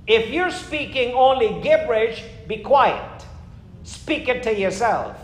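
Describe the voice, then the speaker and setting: A man preaching a fervent sermon as pastor, emphatic, with sudden rises and slowed, stressed lines. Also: very high voice, expressive, a little hiss or hum. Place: church. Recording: echoey church room.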